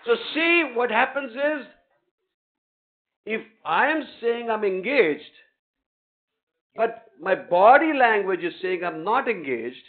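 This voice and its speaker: Man, guest lecturer, lively swinging voice, teasing and coaxing, lecture hall, tinny phone-like sound. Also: high-pitched, slow pace, pauses often. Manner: animated, teasing, coaxes students on stage. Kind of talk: interactive classroom lecture.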